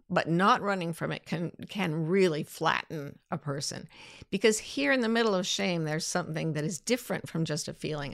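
A woman's voice: low-pitched, vocal fry, dry recording, studio quality. A woman hosting a talk, answering listener questions in a candid, self-deprecating way. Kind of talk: reflective casual talk.

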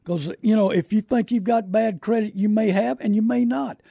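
A man's voice: sits high, moderate pace, vocal fry, dark tone, breathy edge, dry recording, clean studio sound. A man hosting a call-in radio show, talking in a folksy, preachy, down-to-earth way.

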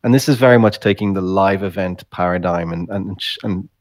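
A man's voice: low-pitched, brisk, no echo. A man with an Irish accent, a guest founder, explaining his product with restarts. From Ireland. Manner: explains with restarts and light laughs. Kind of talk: conversational interview.

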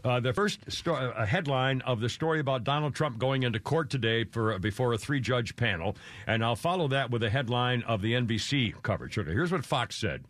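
A man's voice: medium pitch, animated, a little fast, a bit bright, dry recording. A male talk radio host who chats with callers and comments on the news, rambling, laughing and poking fun at himself. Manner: rambling, self-deprecating, laughs often.

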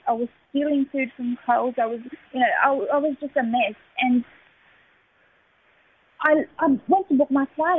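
A woman tells her story over a tinny phone line, her voice a little high. She talks haltingly and emotionally, with many ums and restarts, as a guest on talkback radio. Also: slightly rough. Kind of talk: personal testimony.

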